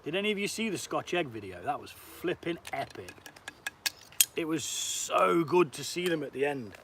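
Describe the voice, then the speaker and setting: A man's voice: on the high side, very animated, moderate pace, fairly bright tone, a little hiss or hum. A British man live-streaming as an outdoor cooking vlogger, chatting casually, swearing lightly and answering viewer comments as he cooks. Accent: British English. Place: outdoors, cooking on a camp stove.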